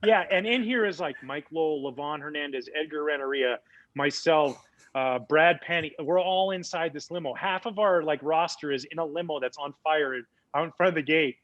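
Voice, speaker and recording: A man in his forties, a former ball player guesting on a podcast, telling a story in a lively, casual way with many fillers. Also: a little high, moderate pace, dry recording, lo-fi sound.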